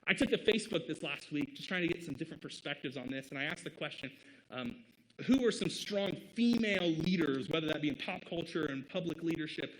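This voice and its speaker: A man's voice: on the high side, expressive, brisk, slight background noise, rough recording. A man from the American Midwest preaching a sermon as pastor in an earnest, conversational way, with short laughs between points. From Midwest United States.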